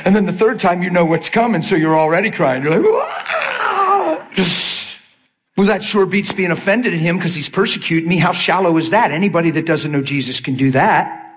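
A man's voice: a little high, quick pace, noisy background. A middle-aged male pastor preaching in storytelling style, acting out the voices of people he quotes. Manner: animated, acts out quoted voices. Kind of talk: sermon storytelling.

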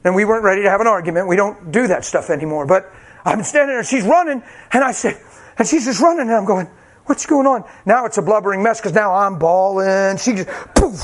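A man's voice: high-pitched, fairly quick, slight background noise. A man preaching a sermon, telling his own testimony with emotion and acting out the voices in it. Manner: dramatic, acts out voices, cries out.

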